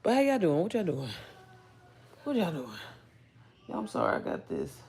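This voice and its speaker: A woman's voice: sits low, huge pitch swings, moderate pace, vocal fry, darkish tone, breathy edge. A young woman from Indiana chatting casually on a home livestream, greeting viewers by name and reading their comments aloud. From Indiana, United States. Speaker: livestream host. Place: indoors at home.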